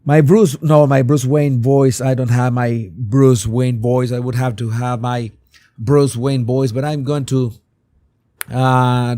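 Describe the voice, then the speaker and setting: A hoarse man, hosting a live-stream commentary and talking animatedly with rhetorical questions. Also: mid-range voice, little pitch movement, slow pace, warm tone. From Venezuela. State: hoarse, sore throat. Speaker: host.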